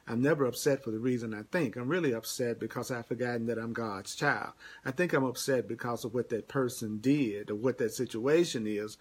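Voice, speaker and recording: This medium-pitched male voice moves fairly quickly with hardly any pauses and a breathy edge. During a live-streamed spiritual teaching, he answers viewers by name, sounding emphatic and saying his key phrases over and over.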